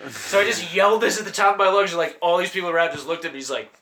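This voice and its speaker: Young comic guy on a podcast, mic jammed right up on his mouth, bright punchy voice, laughs through his stories. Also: high-pitched, rapid-fire, a little hiss or hum. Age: young adult. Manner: animated, laughing anecdotes. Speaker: guest comedian. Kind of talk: casual podcast storytelling. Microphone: handheld mic held close to mouth.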